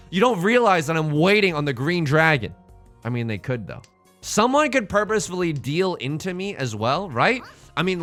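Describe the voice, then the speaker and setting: A man commentating his own game with a joking, theatrical manner, flipping between mock despair and excitement. His bright, forward voice rises and falls widely. Soft music plays underneath. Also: fairly high pitch. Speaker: let's play host.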